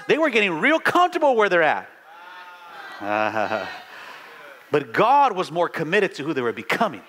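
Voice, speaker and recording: A middle-aged man preaching a live sermon with fervent energy, stammering restarts and bursts of shouting. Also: on the high side, wildly swooping pitch, moderate pace, long pauses. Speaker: pastor.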